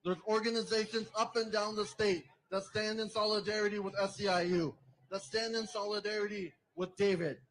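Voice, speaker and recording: A man's voice: high voice, fairly even intonation, brisk, a bit bright, a little hiss or hum, poor audio. A man emceeing an outdoor protest rally, giving a rousing speech and introducing speakers. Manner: rousing, chants with the crowd.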